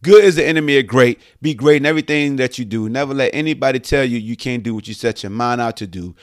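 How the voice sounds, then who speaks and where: A man hosting a sports podcast, talking in an animated, slangy monologue with loud and soft swings, faint music behind him. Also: medium pitch, fast, no room sound, studio quality. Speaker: podcast host.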